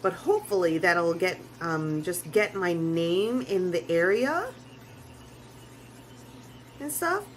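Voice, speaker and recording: A woman's voice: on the low side, expressive, takes it slowly, long pauses, slight background noise. A woman artist chatting casually on a live stream as she draws, rambling, restarting sentences and swearing freely. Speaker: artist streaming while drawing.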